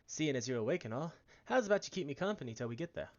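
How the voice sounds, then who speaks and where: A man's voice: fairly high pitch, lively intonation, fast, darkish tone, highs cut off. A man doing Brennan, folksy ship peddler. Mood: chatty. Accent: attempted Irish, drifting. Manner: folksy, slangy, wavering accent. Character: chatty male ship merchant, folksy. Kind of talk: reading game dialogue aloud.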